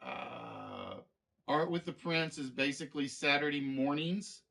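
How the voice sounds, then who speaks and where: A man's voice: on the high side, animated, unhurried, vocal fry, pushed and bright. A man hosting a live game show stream, chatting casually with viewers in a rambling way, full of fillers and restarts.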